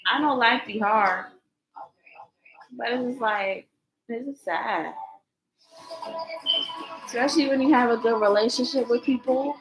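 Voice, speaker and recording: A woman's voice: on the high side, unhurried, long pauses, faint music behind, rough recording. A young woman vlogging her reactions to videos, tearful and worn out from crying, rambling and repeating herself in casual chat.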